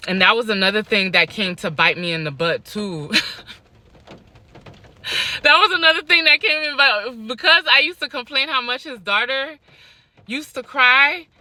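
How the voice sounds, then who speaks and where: A young adult woman telling a personal story on her vlog, animated, repeating lines for emphasis and laughing between them. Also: a little high, normal speed, long pauses, no room sound.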